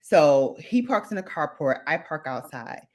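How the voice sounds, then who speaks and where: Animated woman telling a story. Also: sits low, unhurried. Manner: animated storyteller who acts out the quotes. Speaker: livestream co-host. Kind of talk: casual livestream chat.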